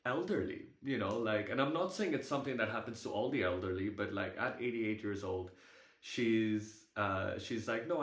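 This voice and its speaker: Young man telling a candid, halting story. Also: fairly low pitch, reverberant. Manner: halting storytelling with casual swearing. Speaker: group call participant. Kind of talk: candid personal sharing. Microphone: video call.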